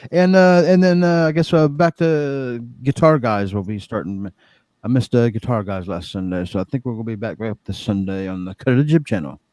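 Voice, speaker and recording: A man's voice: fairly low pitch, brisk, darkish tone, no room sound. A man on a livestream casually listing the shows he will join, hesitant and easygoing. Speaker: guest podcaster. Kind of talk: casual chat, plugging shows.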